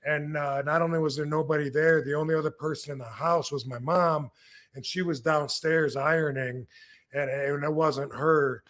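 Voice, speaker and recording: Podcast host, man in his fifties, relaxed rambling storyteller, slightly higher voice. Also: moderate pace. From Michigan, USA. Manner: rambling, with many restarts and fillers. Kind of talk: casual storytelling.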